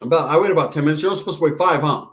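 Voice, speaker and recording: A man's voice: on the high side, very fast, echoey room. A middle-aged man telling loose, profane neighborhood stories in a casual chat, laughing as he goes. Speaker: podcast co-host.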